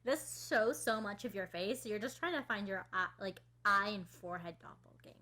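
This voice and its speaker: A woman's voice: mid-range voice, normal speed, bright, forceful tone. A woman co-hosting a podcast in casual chat, teasing and laughing often. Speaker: podcast co-host.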